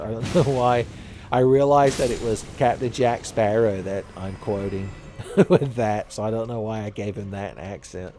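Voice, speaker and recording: A man's voice: fairly low pitch, measured pace, dark tone, a little hiss or hum. Sarcastic man ranting over gameplay. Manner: sarcastic, ranting, laughs at own jokes. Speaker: let's play host. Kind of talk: profane gameplay commentary.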